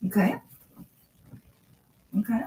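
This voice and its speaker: A woman's voice: takes it slowly, background noise. A woman running a live online jewelry auction in casual chat, cooing at her dog between bids.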